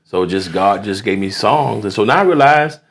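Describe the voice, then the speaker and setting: A man who is a pastor, speaking as a guest in a relaxed interview, with earnest phrasing like a sermon. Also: on the low side, normal speed, creaky. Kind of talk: casual interview chat.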